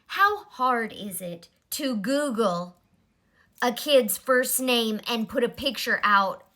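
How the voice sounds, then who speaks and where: A woman's voice: a little high, animated, takes it slowly, pushed and bright. A woman in her forties giving a blunt, exasperated commentary in a vlog. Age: 40s. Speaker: vlogger.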